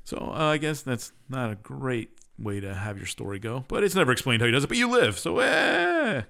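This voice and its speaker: A man's voice: mid-range voice, expressive, a little fast, gravelly, a bit bright. A man co-hosting a podcast, casually retelling a game's story with lots of "uh" fillers. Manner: rambling plot retelling with many "uh" fillers. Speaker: podcast co-host.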